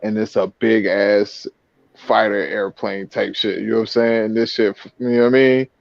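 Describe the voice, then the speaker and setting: A man in casual chat, rambling and leaning on "you know what I'm saying" after nearly every phrase, with a gravelly voice. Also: on the low side, level tone, normal speed, no echo. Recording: dull, lo-fi, dry sound.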